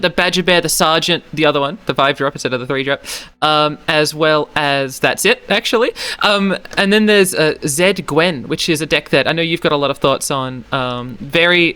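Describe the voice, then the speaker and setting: Casting note: male esports analyst, slightly high, bright and smooth voice, relaxed and analytical. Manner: analytical, relaxed, chuckles along. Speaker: esports caster. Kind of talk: live esports commentary.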